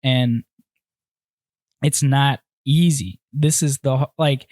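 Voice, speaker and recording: A man's voice: mid-range voice, takes it slowly, dry recording, clean studio sound. A young man hosting a casual podcast chat, candidly telling stories and acting out what people said. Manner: candid, animated storytelling with acted-out quotes. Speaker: podcast host.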